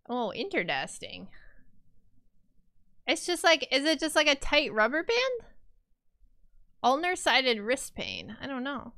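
A young woman chats casually on a live stream, laughing easily and greeting viewers as they arrive. Her voice is bright, smooth and a little high. It is recorded close up in a dry home room. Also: animated, fairly quick, dry recording. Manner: chatty, laughs often, greets viewers warmly. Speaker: VTuber streamer.

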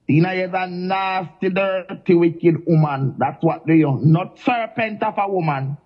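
A woman's voice: lowish voice, measured pace, slightly rough. A Jamaican woman goes off in a heated, confrontational rant, taunting and hammering the same name over and over. The audio is a bit muffled and lo-fi. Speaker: social media personality. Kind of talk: angry live-stream rant.

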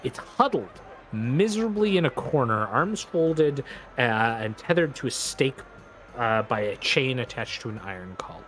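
A man's voice: mid-range voice, lively intonation, normal speed, fairly bright tone, soft background music. Man narrating as game master. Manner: loose, filler-heavy narration with many restarts.

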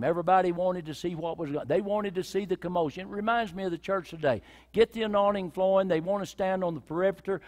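A male pastor preaching a sermon in a church, his delivery swinging from loud cries down to near whispers. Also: fairly high pitch. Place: church sanctuary with a congregation. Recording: reverberant church hall.

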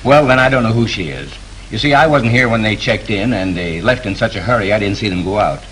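A man's voice: lowish voice, lively intonation, brisk, fairly bright tone, slight background noise, rough recording. An actor playing a helpful male hotel clerk in a 1930s film. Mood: obliging.

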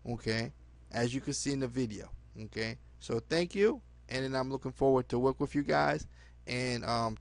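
A man giving a webinar pitch to friends and followers, pleading and repetitive, ending almost every phrase with "okay?", in slightly broken phrasing. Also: creaky. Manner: non-native phrasing with dropped words. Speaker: network marketer addressing his team. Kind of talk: direct-to-camera webinar pitch.

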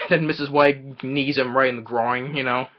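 A man casually retelling a film's plot in a rambling, halting way, with many fillers and chuckles. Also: mid-range voice, fairly even intonation, lo-fi sound. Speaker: film reviewer.

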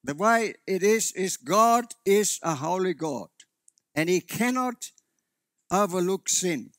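A man's voice: high voice, animated, slow, fairly bright tone, dry recording, clean studio sound. A man preaching a sermon as pastor, earnest and often restarting his sentences. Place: church.

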